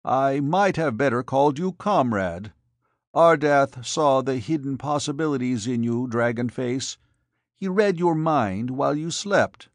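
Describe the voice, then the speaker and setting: A man's voice: mid-range voice, lively intonation, a little slow, no room sound, studio quality, pitched above the performer's own voice. A man voicing a fat, jovial, shrewd man who lisps in a storybook reading. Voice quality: lisping.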